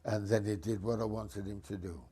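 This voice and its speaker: An older man, a former bus driver, telling a lively, mischievous anecdote in casual dialect. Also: lowish voice, a little fast, breathy edge.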